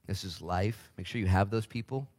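Animated male pastor preaching. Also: normal speed. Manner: animated, shifts into high voices for quoted people. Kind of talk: sermon.

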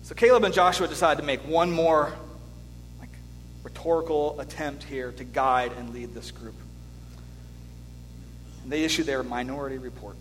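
Casting: male pastor, higher voice, earnest animated sermon delivery, long church reverb, faint hum underneath. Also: normal speed, long pauses. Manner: earnest, animated storytelling with restarts.

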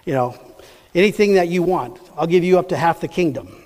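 A man speaking as a generous king in a relaxed, offhand way. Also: sits high, fairly quick, in a large hall, natural voice.

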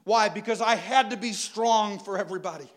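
A man, preaching a sermon that swings between loud urging and quiet, intimate passages. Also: high-pitched, fairly quick. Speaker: pastor.

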